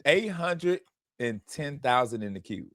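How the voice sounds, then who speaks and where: A man's voice: mid-range voice, lively intonation, unhurried, fairly bright tone, no room sound, studio quality. A man in his forties on a comedic radio show, telling stories in a laid-back, easygoing way. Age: 40s.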